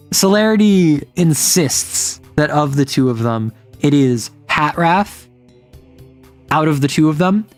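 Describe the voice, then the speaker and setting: A game master casually recapping a tabletop session, chatty and full of "like.". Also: medium pitch. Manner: rambling, chatty, uses lots of "like".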